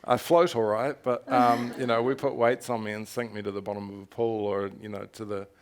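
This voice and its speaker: This young man from New Zealand talks fairly quickly in a lowish voice with little pitch movement. He is an author in a candid live conversation at a festival, relating his story frankly and animatedly while laughing and occasionally swearing.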